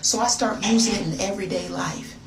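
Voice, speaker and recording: A woman's voice: mid-range voice, a little fast, gravelly, echoey room, far from the mic, background noise. An American woman telling a dramatic, gossipy story straight to her viewers in a casual storytime vlog. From United States. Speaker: storyteller vlogger.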